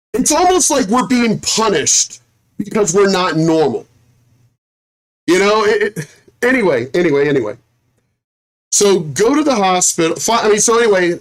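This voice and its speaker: Middle-aged man, high voice, streamer spinning a profane story, keeps circling back. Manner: animated, profane, repeats himself. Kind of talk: casual livestream storytelling.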